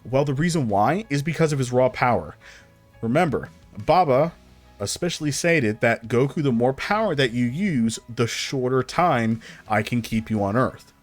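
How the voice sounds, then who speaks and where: A man's voice: medium pitch, expressive, moderate pace, soft background music. Casual rambling male storyteller. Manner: rambling, conversational, with restarts. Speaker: channel narrator. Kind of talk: casual fan-story narration.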